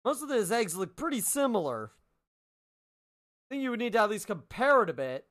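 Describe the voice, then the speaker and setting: A man streams a game live, joking and bantering with the on-screen characters, talking back at them and goofily repeating their lines for laughs. His voice sits high and sounds a bit bright, with a brisk, sing-song delivery.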